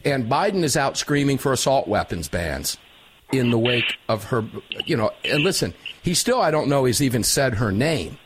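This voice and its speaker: A man hosting a talk radio roundtable, energetic and emphatic with a folksy way of talking. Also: medium pitch, normal speed, noisy background. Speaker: radio show host.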